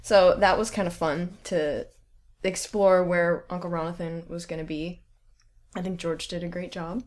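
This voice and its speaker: A woman talks casually in an interview, warm with laughter. She is chatty and quick to giggle. She sounds easygoing and unrehearsed. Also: fairly low pitch, steady tone. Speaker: filmmaker interviewee.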